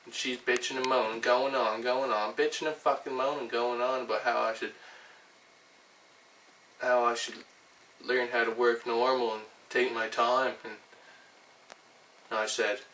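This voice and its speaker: A man's voice: mid-range voice, level tone, unhurried, pauses often, bright, forceful tone. A man doing a foul-mouthed ranting chicken catcher. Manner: profane ranting storytelling. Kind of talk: recited monologue impression. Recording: roomy, distant, faint ambient noise.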